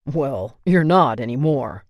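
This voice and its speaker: A woman's voice: a bass voice, expressive, a little slow, darkish tone, no room sound. A woman voicing an overprotective, hot-tempered teenage older brother in an audiobook, blunt and threatening. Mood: stern. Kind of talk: audiobook character voice.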